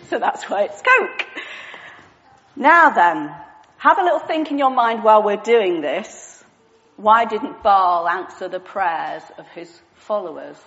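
A woman's voice: mid-range voice, fairly bright tone, big-room sound, dull audio. A woman preaching an all-age sermon with props, chatty and self-deprecating, asking the congregation questions.

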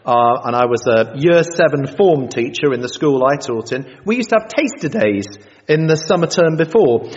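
Man, 50s, sermon, self-mocking storyteller, swooping lively pitch, muffled sound, long hall echo. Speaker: preacher. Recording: dull sound in a reverberant hall.

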